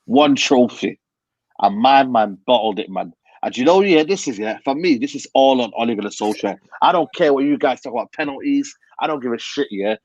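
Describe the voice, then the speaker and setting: A man ranting about football in a hushed voice from a hotel room, emphatic and repeating yeah and man. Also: mid-range voice, expressive, fairly quick, no room sound, dull audio. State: talking quietly, near a whisper. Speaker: football fan pundit. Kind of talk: heated football rant. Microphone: video call.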